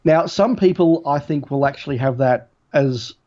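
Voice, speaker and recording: A man co-hosting a podcast, giving a measured, thoughtful opinion of an episode. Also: on the high side, dark tone. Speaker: podcast co-host. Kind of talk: casual review chat. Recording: dull lo-fi audio.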